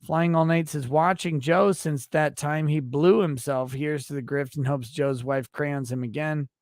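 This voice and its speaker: A brash man reads viewer messages on a livestream and fires back with crude, mock-indignant rants. His voice sits fairly high for a man. The sound is dry and close, with no room echo. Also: fairly even intonation, unhurried. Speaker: livestream host reading super chats. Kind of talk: crude comedic livestream banter.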